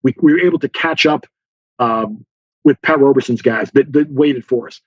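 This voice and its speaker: A man's voice: mid-range voice, moderate pace, breathy edge, no echo, muffled recording. A man being interviewed, telling a story with lots of fillers and acting out the dialogue. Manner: animated storyteller, acts out dialogue, many fillers. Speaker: guest author, former Special Forces officer.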